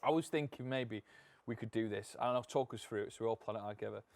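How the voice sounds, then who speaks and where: A man's voice: on the low side, fast, a little mellow, dry recording. A man co-hosting a podcast, leading the chat with playful questions. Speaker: podcast co-host leading the segment. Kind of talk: casual chat.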